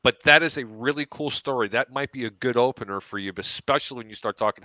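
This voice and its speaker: A man hosting a sports talk show, telling long animated anecdotes with asides to his co-hosts. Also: mid-range voice, fast, few pauses, no echo, rough recording. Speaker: host.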